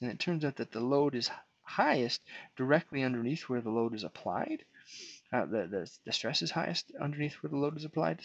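A man lectures in a gravelly, slightly husky voice, talking through an explanation as he draws. He often stops and restarts his phrases. The sound is dry and dull, with a lo-fi edge. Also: medium pitch, dry recording. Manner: unscripted, restarts and fillers while drawing. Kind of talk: whiteboard lecture.

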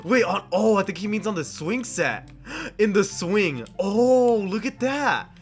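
A man giving excited gameplay commentary as a gaming YouTuber, gasping and laughing often. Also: sits high, unhurried, soft background music. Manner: drops to a hushed voice when sneaking.

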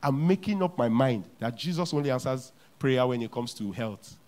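Emphatic Nigerian pastor preaching. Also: male voice, medium pitch, animated, moderate pace. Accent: Nigerian English. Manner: emphatic, repeats lines, swings from hushed to loud. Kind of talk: sermon. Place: church.

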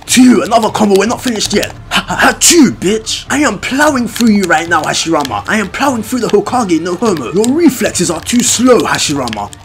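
A young man giving loud, excitable gameplay commentary full of trash talk, swearing and sudden outbursts. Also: sits high, fairly quick, few pauses, slight background noise. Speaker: gaming YouTuber.

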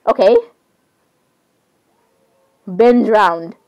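A woman's voice: mid-range voice, drawn-out words, dull audio. A young woman chatting casually for a vlog, rambling and giggling while she interrupts herself. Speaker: vlogger. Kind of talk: casual chat over screen browsing.

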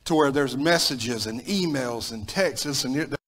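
A man's voice: mid-range voice, unhurried. Emphatic Southern preacher man. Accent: Southern American. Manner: emphatic preaching, repeating phrases and rising to loud peaks. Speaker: pastor. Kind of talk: sermon.

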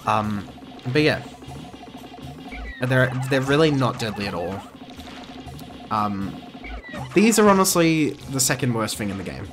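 A man's voice: medium pitch, very animated, measured pace, pauses often. Rambling young man narrating a game. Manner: rambling, easily sidetracked, many fillers and restarts. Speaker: gaming channel host. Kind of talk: casual let's-play commentary. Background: game music.

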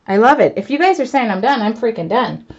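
A woman artist chatting to her live viewers as she works, excitable and self-mocking, laughing often. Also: fairly high pitch, fast talker, husky. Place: home art studio, indoors. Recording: dull lo-fi stream audio.

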